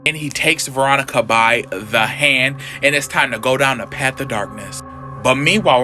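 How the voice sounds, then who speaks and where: A man casually recapping a comic story in a sassy, slangy way, calling everyone honey. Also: a little high. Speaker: comic book recap host.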